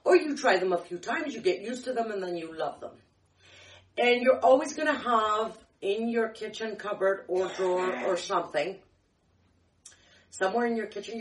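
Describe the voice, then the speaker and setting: A woman hosting a kitchen tips show, chatting casually in a rambling, self-correcting way, her throat a little dry from a candy in her mouth. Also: mid-range voice. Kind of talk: casual demo chat. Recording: echoey room, far from the mic.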